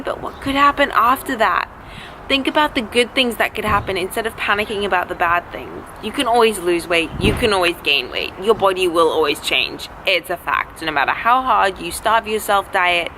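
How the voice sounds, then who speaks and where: A woman's voice: medium pitch, bright, forceful tone, poor audio. A young woman giving frank, encouraging advice in a casual vlog, chatty and swearing now and then. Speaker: vlogger and recovery coach. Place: outdoors by a road with passing cars. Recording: faint traffic noise behind.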